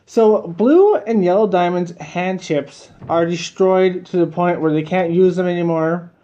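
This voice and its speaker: A man's voice: high voice, a little slow, warm tone, muffled recording. A man giving a casual, rambling video review of a cartoon episode, repeating himself and chuckling between points.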